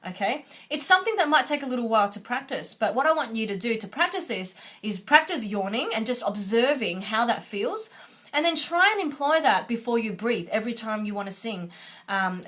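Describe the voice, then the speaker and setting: A woman's voice: a little high, animated, fairly quick, bright, forceful tone. A woman vocal coach teaching a singing lesson, patient and instructive, often checking in with "okay?".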